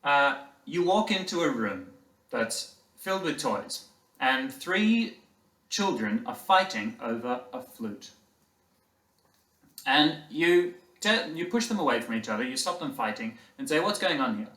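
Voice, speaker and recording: A man giving a university lecture in a lecture hall, conversational and halting, with many fillers. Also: mid-range voice, very animated, bright, forceful tone. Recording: roomy hall, distant mic.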